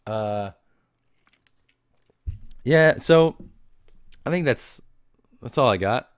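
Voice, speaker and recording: A man's voice: fairly low pitch, lively intonation, slow, pauses often, no echo, clean studio sound. A man hosting a podcast, telling loose, meandering stories in casual slang and often laughing at himself. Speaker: podcast host. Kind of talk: casual rambling monologue.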